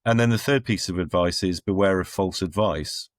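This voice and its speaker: A middle-aged man with a deep, low-pitched voice speaks as an interview guest. He talks bluntly and plainly, with dry, wry asides and firm opinions. The sound is close and dry, with no room echo. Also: normal speed. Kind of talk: conversational interview answers.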